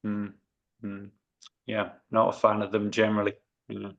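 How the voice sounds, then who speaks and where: A man's voice: on the low side, monotone, normal speed, vocal fry, muffled recording. A man co-hosting a podcast, telling a story in casual chat, laughing and swearing now and then. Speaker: podcast co-host.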